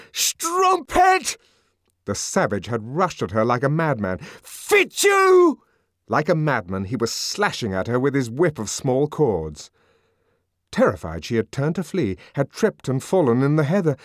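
A man's voice: medium pitch, no echo, studio quality. A man reading a novel aloud as narrator, in a dramatic, varied manner. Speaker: audiobook narrator. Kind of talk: scripted narration.

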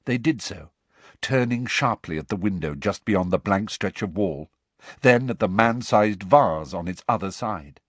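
A man narrating an audiobook with expressive storytelling. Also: lowish voice, unhurried, slightly rough, dry recording. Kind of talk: scripted narration.

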